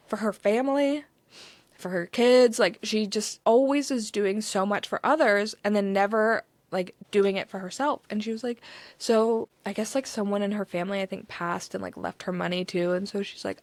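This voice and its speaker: Young texan woman talking fast and emotional on her podcast, close dry mic, mid voice. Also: mid-range voice, dry recording. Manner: chatty, emotional, quick bursts. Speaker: podcast host. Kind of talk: casual storytelling.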